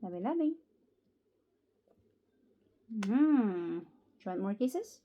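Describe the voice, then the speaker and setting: A woman's voice: medium pitch, very animated, slow, dark tone, lo-fi sound. A woman with a Filipino accent, talking baby talk to her pet birds in a cooing, sing-song way.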